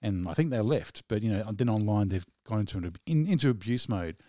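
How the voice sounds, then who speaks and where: Rambling mellow-voiced male co-host. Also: lowish voice, animated, fast, dry recording, clean studio sound. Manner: rambling, full of "you know" and "like", laughs often. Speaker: radio show co-host. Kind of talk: casual chat between songs.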